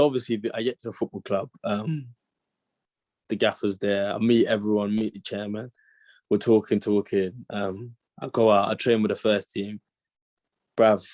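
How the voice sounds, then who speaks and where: A man's voice: fairly low pitch, normal speed, no echo. Young man telling a story. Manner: animated slang-heavy storytelling, acts out quotes. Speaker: interview guest, footballer. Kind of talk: casual storytelling chat.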